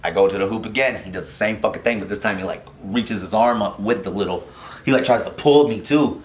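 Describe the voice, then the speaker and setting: Animated, profane storytelling man in roomy studio. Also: fairly low pitch, a little fast. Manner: animated, profane, many fillers and restarts. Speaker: guest comedian. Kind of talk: casual storytelling chat. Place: podcast studio.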